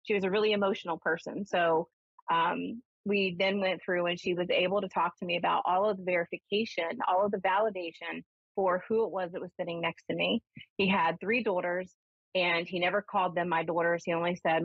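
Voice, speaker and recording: A woman from Ohio, a spiritualist minister and psychic medium, telling a story and giving readings on a call-in show in a chatty, animated way with many fillers. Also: fairly low pitch, brisk, breathy edge, no room sound, highs cut off.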